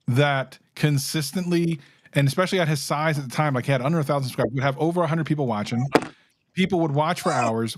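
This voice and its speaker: A man's voice: a little high, background noise. A man hosting a casual livestream chat, hyped and preachy, often talking over his guests. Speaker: livestream host.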